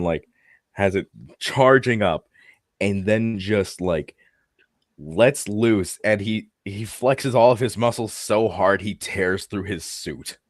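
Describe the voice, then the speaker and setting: A man with a very low voice chats casually among friends, stammering, restarting and cursing as he rambles. His mic is close and the sound dry. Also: no echo. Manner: rambling, stammering, swears and laughs. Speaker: player. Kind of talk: casual chat.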